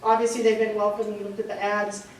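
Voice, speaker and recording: A woman giving a history lecture to a class, lively, often quizzing the students and laughing. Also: medium pitch, fast, slight background noise. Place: lecture room. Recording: echoey room from a distance.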